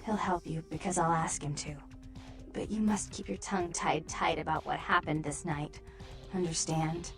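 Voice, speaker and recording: A volatile vampire seductress. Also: female voice, low-pitched, fairly even intonation, normal speed, fairly bright tone, soft background music. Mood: sultry.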